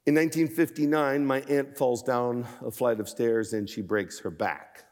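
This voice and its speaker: A man in his sixties preaching a sermon as guest speaker, shifting from measured storytelling to impassioned, emphatic appeals. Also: medium pitch, steady tone, darkish tone, big-room sound. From Pennsylvania. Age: 60s.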